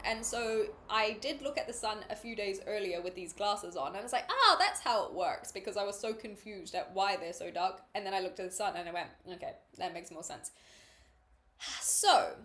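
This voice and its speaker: A woman's voice: medium pitch, brisk. A woman from New Zealand with a New Zealand accent, casually chatting on a livestream and answering her chat, meandering with dry sarcasm. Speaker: streamer.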